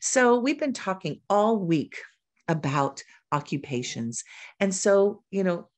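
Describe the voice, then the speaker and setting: A woman literacy educator giving a teaching demonstration, modeling a reading lesson with lively questions and prompts. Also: mid-range voice, takes it slowly.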